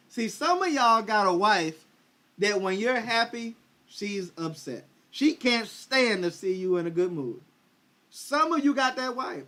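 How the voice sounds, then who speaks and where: High-voiced male preacher, streaming a Bible study; reads verses, then paraphrases them in slang. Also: a bit bright. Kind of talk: livestreamed Bible teaching. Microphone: livestream microphone.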